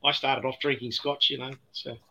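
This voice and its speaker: An older man with an Australian accent, a guest telling anecdotes in a relaxed chat, laughing often and sometimes repeating his words. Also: mid-range voice, normal speed, gravelly, low-quality recording. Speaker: guest distiller. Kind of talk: casual storytelling chat.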